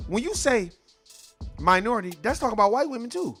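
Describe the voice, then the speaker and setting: A man's voice: extremely high pitch, sing-song, a little fast, fairly bright tone, husky, soft background music. A man hosting a casual conversation, talking in a blunt, emphatic and profane way. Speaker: podcast host.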